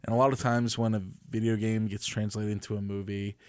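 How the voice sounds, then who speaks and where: A man's voice: on the low side, level tone, fairly quick, clean tone, dry recording. Easygoing podcast guy, dry close sound. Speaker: podcast co-host. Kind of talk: casual chat.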